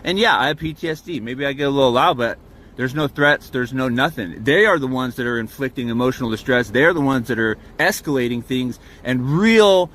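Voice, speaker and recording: A man's voice: mid-range voice, a little fast, fairly bright tone. Heated, profane man filming from his truck. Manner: heated, profane, rambling with restarts. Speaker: campground guest filming a confrontation. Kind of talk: agitated first-person recounting and confrontation. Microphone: phone camera.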